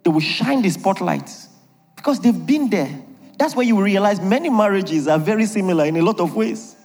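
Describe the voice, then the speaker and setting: Man, preacher, humorous sermon, jokey, slightly high pitch, echoing hall. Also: lively intonation, brisk, a little mellow, soft background music. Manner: jokey, laughs often, emphatic asides.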